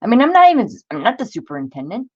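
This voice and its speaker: A woman's voice: on the high side, huge pitch swings, very fast, slightly rough, highs cut off. A woman hosting a crafting stream, venting in casual chat and answering viewers in the chat. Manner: exasperated, talks to live chat viewers. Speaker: crafting channel host.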